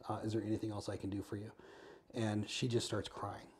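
An American man telling a story in an interview, earnest and quick, acting out the lines of the people in it. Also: lowish voice, flat delivery, a little hiss or hum. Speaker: podcast guest.

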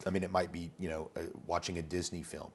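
A man's voice: low-pitched, flat delivery, quick pace, slightly rough. A man being interviewed as an educator, talking conversationally and telling anecdotes, often repeating words as he starts a thought.

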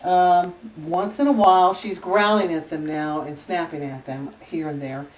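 A chatty, doting woman with a slightly low voice gives a casual home video tour, full of fillers and restarts. She sounds a bit off-mic, with dull, muffled camera audio and a faint hiss of room ambience behind her. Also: little pitch movement, normal speed, far from the mic. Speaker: dog breeder. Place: indoors at home with puppies. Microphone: camera held by a helper.

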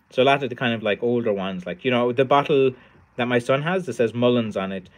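A man's voice: medium pitch, animated, fairly quick. A middle-aged man, chatting tiredly on a livestream as its host, rambling with many fillers and restarts. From Ireland. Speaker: livestream host, stick maker. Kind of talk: casual livestream chat.

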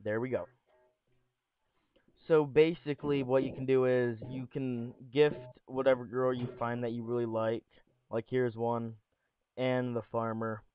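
A man's voice: medium pitch, flat delivery, unhurried, smooth, no room sound, highs cut off. A young man giving casual, jokey commentary on a game, rambling between points with a showman's flair. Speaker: gaming commentator.

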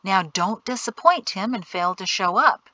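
A man's voice: high-pitched, expressive, moderate pace, pushed and bright, no echo, exaggerated voice. A woman reading aloud voices a friendly man who teases and warns lightly. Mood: teasing.

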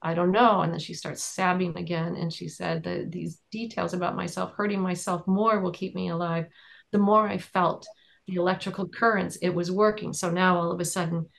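A woman recounting courtroom testimony in conversation, speaking in a halting, measured way with many fillers and restarts. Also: lowish voice, flat delivery, gravelly. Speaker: trial observer and advocate.

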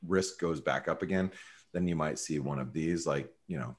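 Deep-voiced male host, loose and rambling, live trading webinar. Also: moderate pace. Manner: rambling, many fillers, jumps in loudly. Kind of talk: casual market commentary.

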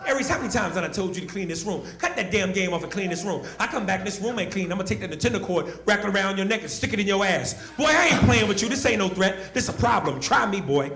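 A man performing a stand-up comedy set, telling stories with animated energy, recorded in a club with the audience around him. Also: high voice, fast, few pauses. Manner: animated storytelling with put-on voices. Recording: roomy club audio with crowd laughter. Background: audience laughing.

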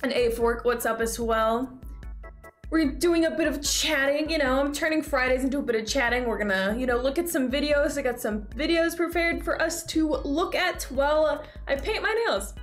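A young adult woman streamer in casual chat, upbeat and chatty, greeting viewers by name in quick bursts. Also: sits high, soft background music.

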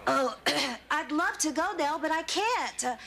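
A woman's voice: sits high, expressive, measured pace, creaky, sharp tone, exaggerated voice. An actress in a sitcom playing a woman academic who stammers through excuses after being caught in a lie. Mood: faking sick. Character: flustered woman professor caught fibbing. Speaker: sitcom character. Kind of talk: sitcom acting.

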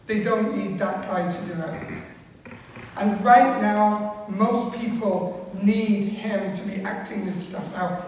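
A man with a Northern English accent, talking onstage to an audience in a rambling, self-deprecating, energetic way, in a large museum auditorium. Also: sits high, a little hiss or hum. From Leeds, England. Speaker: artist in a public talk. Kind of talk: onstage conversation before an audience. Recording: echoey hall, mic far off.

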